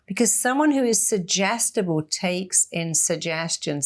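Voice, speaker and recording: A woman hypnotherapist giving a motivational talk, expressive, acting out inner voices as she explains. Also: on the low side, unhurried.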